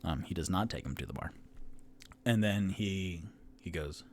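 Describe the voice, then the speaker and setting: A man's voice: sits low, lively intonation, moderate pace, pauses often. A man running a tabletop game on his own, narrating casually with many fillers. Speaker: game master and sole player.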